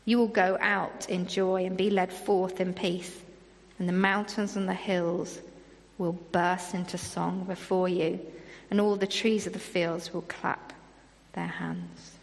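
A woman's voice: lowish voice, flat delivery, unhurried, big-room sound. A woman preaching a sermon in an earnest manner, reading scripture aloud between her own remarks.

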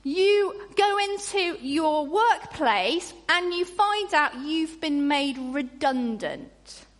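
A woman preaching a sermon in an animated way, acting out grumbling voices. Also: sits high, drawn-out words. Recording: long reverb in a large hall.

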